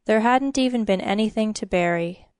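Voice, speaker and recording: A woman narrating a story in a measured, even storytelling manner. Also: mid-range voice, smooth, no echo, studio quality.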